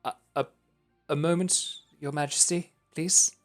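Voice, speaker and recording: A nervous rookie court defender fumbles through a tabletop game, voiced by a man pitched well above his own voice. He stammers and restarts, earnestly certain of the wrong thing. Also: lively intonation, moderate pace, breathy edge, faint music behind. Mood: flustered. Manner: stammering, flustered.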